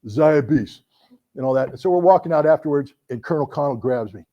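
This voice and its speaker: Racing along in a fairly high voice, an American author in middle age entertains a book-talk audience with anecdotes, performing the quotes of the people involved. The recording is muffled.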